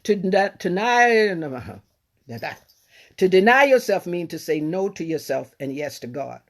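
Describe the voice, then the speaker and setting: A middle-aged woman delivers a sermon in a folksy, conversational way. She is animated, swinging between loud bursts and near-quiet asides. She often repeats and restarts her phrases as she preaches. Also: fairly low pitch, unhurried.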